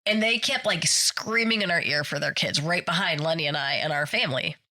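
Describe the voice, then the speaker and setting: A woman's voice: deep voice, a little fast. A woman co-hosting a podcast, telling a story in casual chat and acting out the people she quotes. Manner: animated, acts out quoted yelling. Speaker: podcast co-host. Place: podcast studio.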